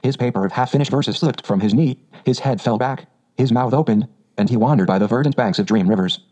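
A man narrating an audiobook in a measured, unhurried storytelling manner. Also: mid-range voice, mellow, poor audio.

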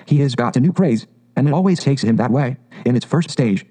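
A man's voice: medium pitch, expressive, a little fast, mellow, lightly acted. A man doing a stern water rat. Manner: firm and stern. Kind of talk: storybook reading.

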